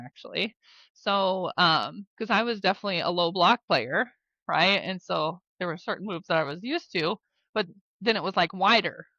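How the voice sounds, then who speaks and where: Midwestern woman, 30s, podcast guest; bright, chatty, filler-heavy storyteller; dry, slightly dull mic. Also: mid-range voice, no room sound. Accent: American Midwest. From South Dakota, USA. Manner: chatty, lots of "like" and "you know", laughs easily. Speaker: podcast guest, former basketball player and therapist. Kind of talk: casual interview storytelling.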